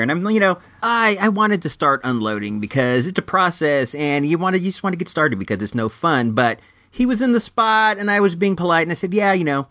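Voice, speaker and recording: A man's voice: fairly high pitch, lively intonation, fairly quick, bright, forceful tone, no echo. A man hosting a podcast who tells a personal story casually and acts out both sides of an argument. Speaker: podcast host.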